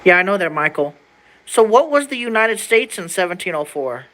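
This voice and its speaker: Young adult streamer with a bright, ringing tone and mid-range pitch, chatting casually and stumbling as they sound out words. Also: very animated, moderate pace, rough recording. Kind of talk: casual livestream chat while reading an old document aloud.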